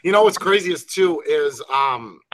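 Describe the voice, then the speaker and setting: A man hosting a casual group video call, loud and swearing, breaking into laughing outbursts. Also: fairly high pitch, animated, unhurried, a little hiss or hum. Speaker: channel host.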